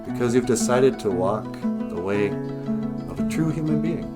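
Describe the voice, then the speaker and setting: A man voicing a dignified old chief who speaks slowly and formally. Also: medium pitch, expressive, over loud music, lightly acted. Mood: solemn. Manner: slow, formal, solemn.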